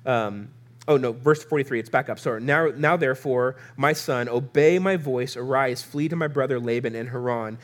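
A man's voice: mid-range voice, normal speed. A man preaching a sermon, reading scripture aloud and explaining it in a loose, conversational way, with a stuffy, sniffling nose. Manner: casual, conversational Bible teaching with asides to the audience.

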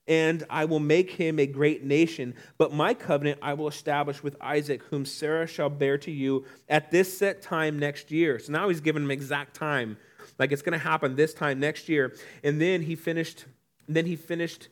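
A young man delivers a relaxed, conversational sermon in a slightly high voice. He reads scripture aloud and breaks into lively little impressions of the people he quotes. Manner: conversational, animated, acts out quotes. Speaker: pastor. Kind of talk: casual sermon.

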